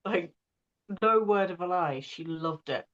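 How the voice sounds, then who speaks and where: A woman's voice: lowish voice, a little slow, fairly bright tone, highs cut off. A woman, an audiobook narrator chatting casually and digressively as a guest. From northwest England. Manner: chatty, digressive, many fillers. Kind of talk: casual conversation.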